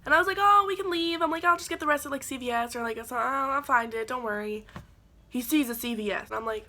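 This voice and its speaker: A woman in her twenties telling a dating story to camera, animated and sarcastic, acting out her own quoted lines. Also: on the high side, quick pace. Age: 20s. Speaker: vlogger. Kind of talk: storytelling vlog.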